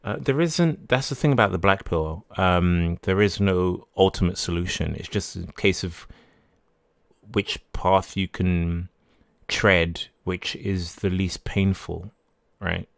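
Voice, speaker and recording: Low smooth-voiced man hosting a stream. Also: takes it slowly, dry recording, clean studio sound. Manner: rambling, restarts sentences, corrects himself often. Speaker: livestream podcast host. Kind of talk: casual live-stream talk, reading viewer messages.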